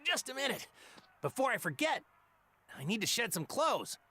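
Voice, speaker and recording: A man's voice: very high-pitched, big pitch swings, moderate pace, sharp tone, full character voice. An actor playing a cheerful, easygoing young male fighter in a video game. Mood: friendly. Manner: casual, friendly, carefree. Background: game music.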